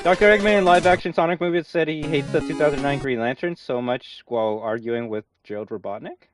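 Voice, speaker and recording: A young man live-streaming a fighting game, chatting casually with viewers, excitable and swearing often. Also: a little high, fairly quick, distant mic. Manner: excitable, swears often, reads chat aloud. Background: game music.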